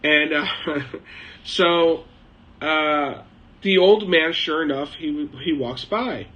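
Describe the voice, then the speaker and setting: Speaking from a home shed in China, a middle-aged live-chat host drifts through an anecdote full of "uh" and "um." His voice sits on the high side, a bit bright, with drawn-out words and lo-fi sound.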